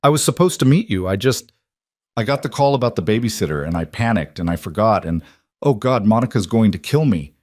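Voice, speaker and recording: A man voicing a frightened young single mother, crying and breathless, in halting sentences. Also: fairly low pitch, expressive, darkish tone, dry recording, natural voice. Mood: flustered.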